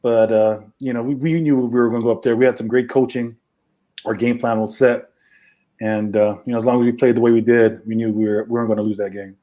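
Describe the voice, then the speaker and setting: A man from Hawaii, a former football player, recalling his career in a relaxed interview chat with lots of fillers. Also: mid-range voice, fast talker. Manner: relaxed, many fillers, acts out phone calls.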